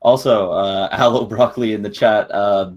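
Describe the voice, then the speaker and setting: A man's voice: fairly low pitch, fairly even intonation, normal speed, darkish tone, highs cut off. A man co-hosting a gaming podcast in casual chat, upbeat and joking, laughing easily between points. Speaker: podcast co-host.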